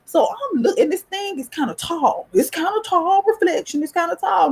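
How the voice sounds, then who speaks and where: A woman from the US South with a Southern accent, hosting a podcast and telling a personal story in a casual, animated, profane way. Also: normal speed, few pauses. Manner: animated, profane, rising pitch in excitement. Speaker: podcast host.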